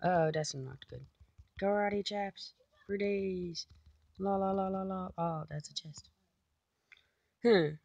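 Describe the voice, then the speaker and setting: Young woman gamer, low-pitched, dry close mic, chatty self-talk, playful repetition. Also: slow, gravelly, long pauses, no echo, dull audio. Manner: chatty, self-talking, repeats silly phrases. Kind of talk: casual gameplay commentary.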